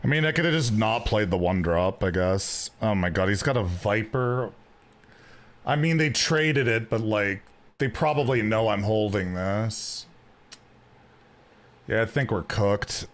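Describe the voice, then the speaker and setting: A man's voice: fairly low pitch, expressive, a little slow. Chatty man streaming a card game. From Canada. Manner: chatty, joking, stumbles and repeats words. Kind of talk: casual gameplay commentary.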